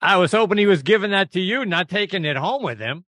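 Bright-voiced male podcast host. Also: high voice, lively intonation, fast talker, dry recording, studio quality. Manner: friendly questioner, laughs often. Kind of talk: podcast interview.

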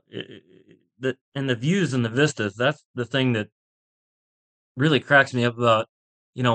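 A man's voice: mid-range voice, fairly bright tone. Enthusiastic rambling man from Pittsburgh. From Pittsburgh, USA. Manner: enthusiastic, rambling storyteller who laughs often. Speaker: golf instructor, podcast guest. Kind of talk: casual interview chat.

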